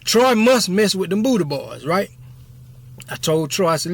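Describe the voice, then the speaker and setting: A man's voice: high-pitched, very animated, measured pace, gravelly. A man in his fifties telling a story from his past in a casual, rambling way, often checking in with "you know what I'm saying". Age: 50s. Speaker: YouTube storyteller.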